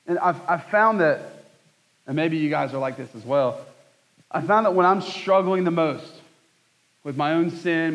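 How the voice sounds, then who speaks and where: Guy pastor preaching casual-style, kinda high voice, jokey and self-deprecating. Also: poor audio. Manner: conversational, self-deprecating, animated asides. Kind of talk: sermon.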